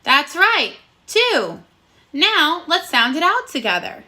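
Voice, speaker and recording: A woman teaching a recorded phonics lesson to young children, encouraging them and sounding out words slowly and clearly. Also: sits high, big pitch swings, pushed and bright. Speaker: first grade teacher.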